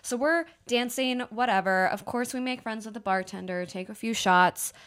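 A woman's voice: a little high, moderate pace, fairly bright tone, smooth. A young woman co-hosting a podcast, casually telling stories from a trip and swearing now and then. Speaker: podcast co-host. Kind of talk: casual chat.

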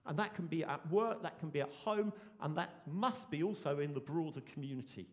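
A man's voice: on the high side, brisk, long reverb tail. A man, preaching a sermon in an earnest, emphatic way and repeating his key phrases. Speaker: pastor.

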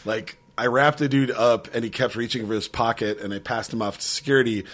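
A man's voice: medium pitch, fairly even intonation, a little fast, fairly bright tone. A young man cohosting a podcast in casual chat, laughing a lot and reacting with swearing. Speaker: podcast co-host.

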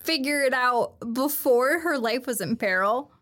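A woman's voice: high-pitched, animated, measured pace, a bit bright. A young woman co-hosting a casual podcast, talking through an anime with a chatty, filler-heavy way of speaking. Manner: chatty, lots of "like," questioning. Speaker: podcast co-host. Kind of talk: casual anime recap chat.

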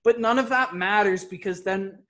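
A man's voice: sits high, a bit bright. A young man hosting a casual podcast over a video call, rambling, swearing often and bantering with his friends. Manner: profane, rambling, quick to banter. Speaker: podcast host.

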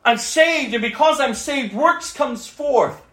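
A man preaching a sermon as pastor, emphatic, swinging from quiet asides to loud exhortation. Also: very high-pitched, lively intonation, takes it slowly, roomy sound.

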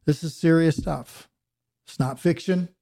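A man, a pastor and podcast co-host, teaching a Bible passage verse by verse in an earnest preaching manner that drops to a hush on solemn points. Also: fairly high pitch, unhurried, gravelly.

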